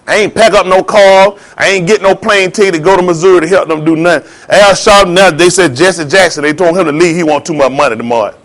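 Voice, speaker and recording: A man delivering a heated, preachy monologue in slangy street talk, swinging between loud jabs and low asides. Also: quick pace, few pauses. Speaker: vlogger. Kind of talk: ranting commentary monologue.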